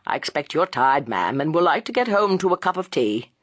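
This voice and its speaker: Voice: mid-range voice, sing-song, fairly quick, fairly bright tone, no echo. An audiobook reader voicing a kindly, plain-spoken police inspector who talks in a colloquial way. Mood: confiding. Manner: colloquial, good-natured.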